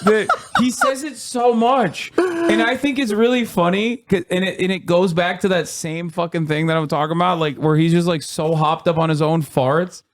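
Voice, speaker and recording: A man's voice: high voice, moderate pace, hardly any pauses. A man hosting a livestream in casual chat, joking around, laughing often and agreeing eagerly. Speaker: livestream host.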